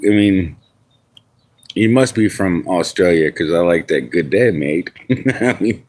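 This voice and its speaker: A man's voice: low voice, animated, measured pace, a little mellow. Rambling man from New York. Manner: rambling, frequent restarts and swearing, chats to viewers. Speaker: livestreamer. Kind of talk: casual live stream rant.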